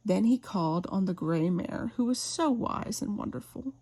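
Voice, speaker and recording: A woman reading an old bedtime story aloud in a gentle, unhurried way. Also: medium pitch, lively intonation, breathy edge.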